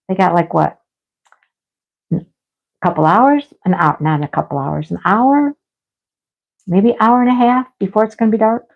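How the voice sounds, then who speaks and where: Her voice is medium-pitched, creaky and unhurried, with frequent pauses. A middle-aged livestream host, she chats from home and meanders through a story with scolding asides, over slightly dull, lo-fi sound.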